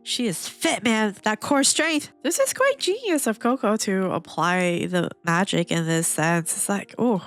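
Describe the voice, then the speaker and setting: A woman reacting aloud to an anime episode for her viewers, curious and animated, thinking out loud and teary at times. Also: mid-range voice, normal speed, faint music behind. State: teary, emotional. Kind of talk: live reaction commentary.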